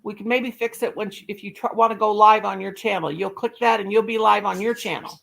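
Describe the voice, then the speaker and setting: A woman's voice: medium pitch, steady tone, fairly quick, vocal fry, fairly bright tone. A woman hosting a casual livestream, chatting and thinking aloud while she fiddles with settings. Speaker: livestream host. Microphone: laptop or phone mic on a live call.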